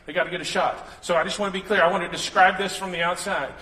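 A man preaching to a congregation, bright and tense in tone and high in pitch, speaking conversationally and slipping into quoted voices for comic effect. His voice rings around a large hall with a long, roomy reverb. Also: fairly even intonation, quick pace. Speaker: pastor. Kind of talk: sermon.

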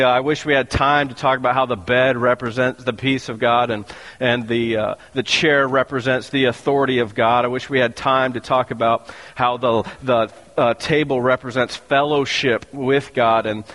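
A man's voice: mid-range voice, fairly bright tone. A male pastor giving a sermon, retelling a scripture story with conversational, joking asides in a dropped voice.

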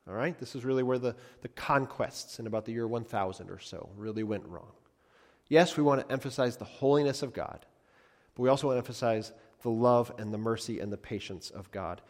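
A man preaching a sermon as a pastor, earnest, often repeating phrases for emphasis and swinging between loud and soft. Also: medium pitch, fairly quick, long reverb tail.

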